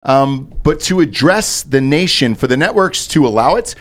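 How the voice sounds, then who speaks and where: Rambling, animated man. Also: a little high, normal speed. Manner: loose, profane, rambling. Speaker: podcast co-host. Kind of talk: casual chat.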